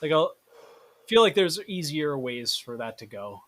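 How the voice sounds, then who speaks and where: A man's voice: on the high side, big pitch swings, unhurried, fairly bright tone. A young man co-hosting a podcast in casual chat, agreeable and hesitant, often trailing off with "I don't know.". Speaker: podcast co-host.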